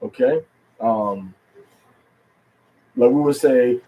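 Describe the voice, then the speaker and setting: A religious teacher gives an informal lesson at home, quizzing listeners, repeating key words and reading scripture slowly with stress on each syllable. His voice is a little high and somewhat mellow, and the audio is poor.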